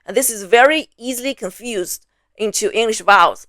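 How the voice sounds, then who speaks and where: A woman's voice: mid-range voice, normal speed, pushed and bright, no room sound. A woman with a Mandarin Chinese accent, native speaker of Mandarin Chinese, explaining a language lesson in a friendly way, with examples and rhetorical questions. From China. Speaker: language teacher.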